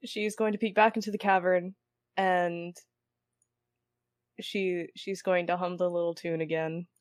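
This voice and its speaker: Slow-talking woman player, halting. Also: fairly low pitch, little pitch movement, dry recording, studio quality. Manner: hesitant, halting. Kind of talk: casual tabletop game play.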